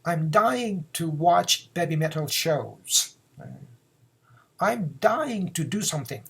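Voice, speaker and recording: A man's voice: a little high, animated, slow pace, gravelly, a bit bright, slightly rough. A man, teaching phrases in a casual lesson, repeating words and acting out example lines. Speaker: Japanese teacher.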